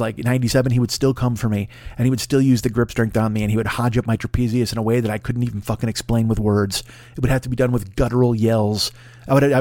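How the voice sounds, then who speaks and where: A man's voice: medium pitch, a little mellow, no room sound. A man hosting a podcast, rambling through a comedic monologue full of profanity and jokey asides. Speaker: podcast host.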